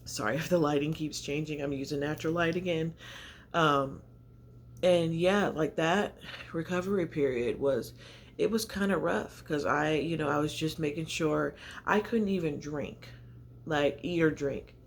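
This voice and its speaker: Gravelly-voiced chatty woman vlogger. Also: sits low, unhurried, slight background noise. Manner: chatty, confessional, rambling. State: often out of breath. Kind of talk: casual vlog chat to camera. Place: home, indoors by natural light.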